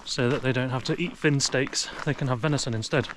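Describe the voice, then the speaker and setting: Walking through a forest, a chatty Englishman gives casual commentary to his action camera, now and then addressing his dog in a raised sing-song. He talks briskly in a mid-range voice, and background noise is audible.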